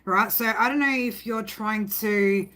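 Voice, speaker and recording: A woman's voice: mid-range voice, a little slow, bright, forceful tone. A woman giving a casual spoken tarot reading, rambling and emphatic, swearing freely and often tagging her sentences with "right?". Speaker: tarot reader.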